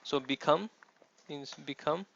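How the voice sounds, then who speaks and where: A man teaching Arabic gives a classroom lecture at a measured pace, his slightly high, somewhat bright voice carrying some vocal fry. He explains step by step and checks in with his students, captured in a dull, dry classroom recording.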